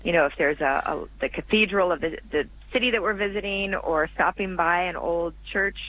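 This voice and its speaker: High, bright-voiced man, earnest guest. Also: fairly quick, muffled recording. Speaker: guest author. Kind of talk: radio interview.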